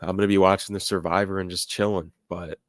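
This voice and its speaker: A young man with a low, deep voice hosts a casual livestream, reading viewer comments and chatting loosely with plenty of "like" and "uh". The recording is dry and close, with little room sound. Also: little pitch movement, quick pace, no room sound. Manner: rambling, filler-heavy, laughs at chat comments. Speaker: livestream host reading chat. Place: home room with music playing nearby.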